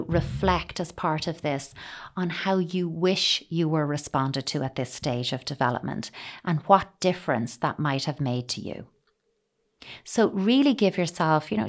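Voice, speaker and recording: A woman giving parenting advice in a calm, measured coaching tone, often saying "you know". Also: deep voice. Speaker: parenting expert.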